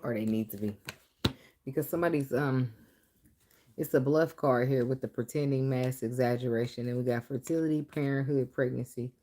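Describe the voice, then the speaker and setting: Deep voiced lady reading tarot cards, cussing a lot, laughing, background noise. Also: normal speed, dark tone. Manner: blunt, profane, laughs often. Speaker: tarot reader.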